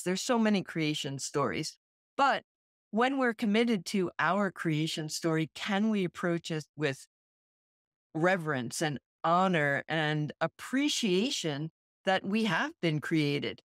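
Reflective woman co-host, lowish voice. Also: dry recording, studio quality. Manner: reflective and earnest, with soft laughs. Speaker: podcast co-host. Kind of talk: casual chat.

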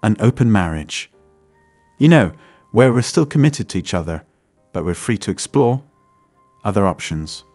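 A man's voice: on the low side, lively intonation, normal speed, darkish tone, no echo, soft background music. A man voicing a restless young wife who is earnestly and defensively arguing for an open marriage. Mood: pleading.

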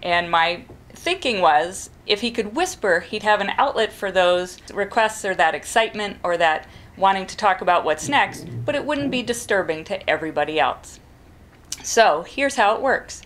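A middle-aged woman, a parent, calmly explaining step by step how to teach a child to whisper. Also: medium pitch, moderate pace. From New England. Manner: calm, practical, demonstrates whispering. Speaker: parent giving advice. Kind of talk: instructional talk to camera.

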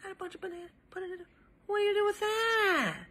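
A woman comedian cooking in her home kitchen, giving loud, exclaiming, profane running commentary. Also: extremely high pitch, fast.

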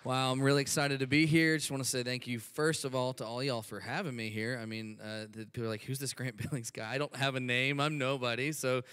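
A Southern American man from Alabama addresses a church congregation with eager, chatty energy, sprinkling his talk with fillers. His voice is bright and smooth, and a long hall reverb trails behind it. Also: mid-range voice, steady tone, fairly quick, hardly any pauses. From Alabama, USA. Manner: eager, chatty, laughs often, many fillers. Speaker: guest speaker, missionary. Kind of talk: sermon introduction. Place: church sanctuary.

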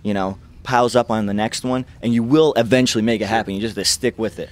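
A man's voice: on the low side, quick pace. A man being interviewed as a guest wrestler, telling stories and giving advice with energy and acting out his mentors' words. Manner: energetic, quotes mentors in lively voices.

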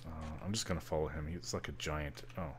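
Over a noisy background, a man from British Columbia, Canada, talks through his online game in a bass voice with fairly even intonation. He speaks fairly quickly, rambling and laughing at himself as he trips over his words in this casual gameplay commentary.

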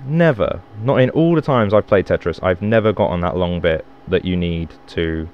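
A man's voice: low voice, normal speed, clean tone, muffled recording. A man giving casual, rambling gameplay commentary, joking and swearing as he plays. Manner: rambling, jokey, swears and exclaims. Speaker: Minecraft let's player.

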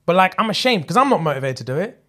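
A young man, co-hosting a relaxed podcast conversation. His voice sits a bit high for a man, and he talks with animated energy, swearing freely and acting out what other people said. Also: racing. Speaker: podcast co-host. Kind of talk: casual chat.

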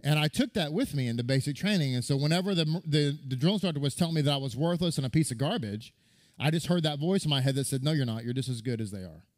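A male rabbi preaching in an animated, storytelling manner, stumbling and restarting as he goes. His voice sits a bit high for a man. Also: fast talker. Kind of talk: sermon.

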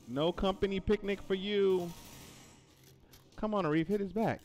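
A man's voice: high voice, very animated, measured pace, pauses often, faint music behind. A man streaming a shooter game, giving live commentary full of playful trash-talk and taunting one-liners at his enemies.

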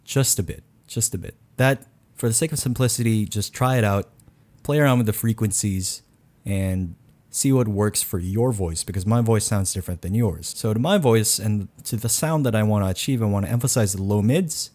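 Using a low, measured announcer delivery, a male YouTube tech reviewer voices a tutorial. The sound comes from a condenser mic placed close to him in a quiet room at home.

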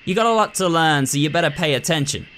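A man voicing a gruff, bossy anteater woman doctor who talks in a drawling country way. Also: on the high side, animated, fast, fairly bright tone, a little hiss or hum, pitched above the performer's own voice, poor audio.

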